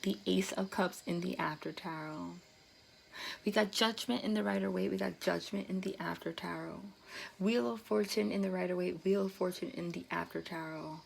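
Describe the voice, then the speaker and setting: A woman giving a casual tarot reading to camera, excitable and swearing, breaking into exclamations. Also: on the low side, gravelly, slight background noise. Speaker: tarot reader.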